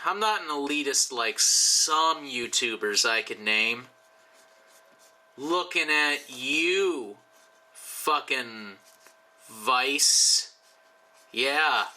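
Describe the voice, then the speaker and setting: Here a male YouTuber, a bit tipsy, chats aimlessly and jokes with profane asides while working on commissioned drawings for his channel. The voice is mid-range, bright and forceful, on a low-quality recording.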